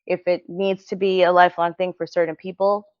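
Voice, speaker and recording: Speaking fairly quickly in a lowish voice with little pitch movement, a woman guesting on a podcast recounts a personal experience earnestly and reflectively, with real feeling. The casual interview has dull lo-fi audio.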